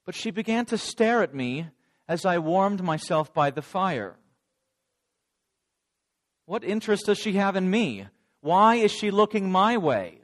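A man's voice: high-pitched, sing-song, unhurried, long pauses. A man voicing a remorseful adult male disciple, telling of his denial in a dramatic first-person monologue.

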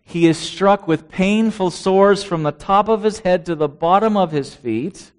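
A man's voice: high-pitched, measured pace. A man preaching a sermon who reads out scripture verses and asks his listeners rhetorical questions.

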